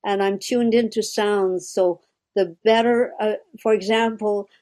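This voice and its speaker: She's a guest from Quebec, French being her first language, chatting casually in a warm, medium-pitched voice with fairly even intonation and a measured pace. Reflective and searching, she gropes for words and restarts frequently.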